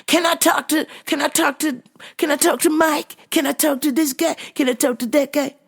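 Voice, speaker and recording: A woman putting on a high, sugary voice for a pushy, rude churchgoing woman customer who calls everyone baby, drawing out her demands. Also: fairly even intonation, creaky. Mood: demanding. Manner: drawn-out, demanding, condescending.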